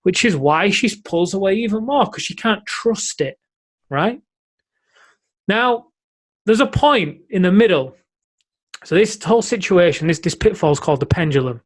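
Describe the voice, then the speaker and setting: Male podcast co-host with a fairly high voice who explains ideas in a coaching manner. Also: lively intonation, moderate pace, pauses often. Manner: explanatory, coaching talk with frequent "right?". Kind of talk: casual podcast conversation.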